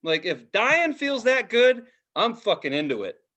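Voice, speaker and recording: Forty-something guy cussing his way through a story, kinda high voice, gets loud and lively. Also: unhurried. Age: 40s. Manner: profane, animated storyteller, laughs often. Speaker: podcast co-host. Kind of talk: casual chat.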